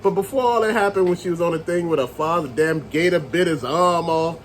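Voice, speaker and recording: A man reviewing a movie in a casual rant, retelling scenes with animated storytelling and calling his viewers family. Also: fairly high pitch, a little fast, slight background noise, poor audio.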